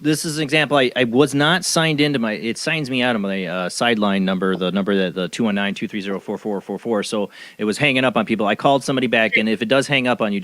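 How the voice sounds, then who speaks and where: A man's voice: medium pitch, fairly bright tone, dry recording. A man hosting a talk radio show, chatting loosely with many fillers and taking calls. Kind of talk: casual talk radio chat.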